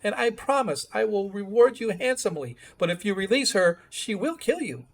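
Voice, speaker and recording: A man's voice: high-pitched, animated, moderate pace. A man voicing a trapped woman who claims to be Fey and pleads desperately to be freed. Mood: pleading.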